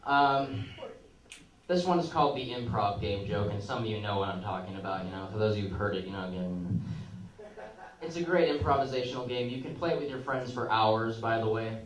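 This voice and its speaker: A man's voice: fairly low pitch, lively intonation, normal speed. A young man performing a rambling, crude, self-mocking open-mic stand-up set on a comedy club stage. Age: young adult. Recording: echoey room, picked up from a distance.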